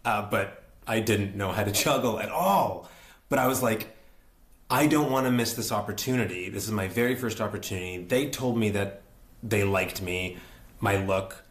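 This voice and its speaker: A man's voice: lowish voice, normal speed. Young guy telling a funny story, acts out voices, laughs a lot, roomy echo. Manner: animated, acts out quotes, laughs often. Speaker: actor and guest. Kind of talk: storytelling in an interview.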